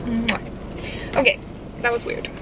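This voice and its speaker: Speaking at normal speed with a medium-pitched voice, a young vlogger who keeps tarantulas chats casually in a car. She rambles with many fillers while vehicle noise carries on behind her.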